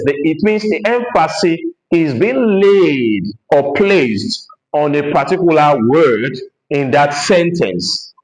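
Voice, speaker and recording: A man, a teacher explaining a lesson from a board, repeating points and pausing with frequent hesitations. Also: on the high side, roomy sound, low-quality recording. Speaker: English teacher.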